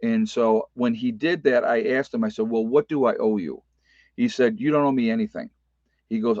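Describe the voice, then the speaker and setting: A man's voice: medium pitch, normal speed, a little mellow, dry recording, dull audio. A man talking casually to his viewers in a folksy, emphatic way, often repeating himself and using fillers. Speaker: prepper vlogger. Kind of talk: casual chat to viewers, reading live comments. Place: rural off-grid homestead.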